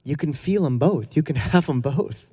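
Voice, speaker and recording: A man's voice: on the high side, expressive, moderate pace, warm tone, breathy edge, long reverb tail. A man preaching a conversational sermon in a casual, earnest way, with fillers and chuckles. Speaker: pastor.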